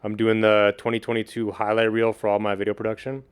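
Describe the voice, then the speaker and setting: Male guest, low-pitched, fast and loose delivery, relaxed slang-heavy chat. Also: clear, resonant tone. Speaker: podcast guest, video producer and beatmaker. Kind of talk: casual chat.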